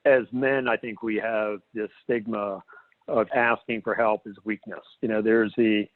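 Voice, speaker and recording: A man's voice: fairly low pitch, little pitch movement, a little slow. A man in a casual roundtable chat, speaking earnestly and reflectively with many fillers, heard over a tinny phone-like line.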